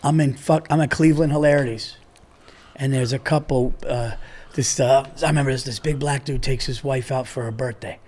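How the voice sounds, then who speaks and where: A man's voice: medium pitch, steady tone, brisk, a little mellow, a little hiss or hum. A middle-aged man, a stand-up comedian, swapping brash, profane stories in a podcast chat. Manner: brash, swearing, emphatic storyteller.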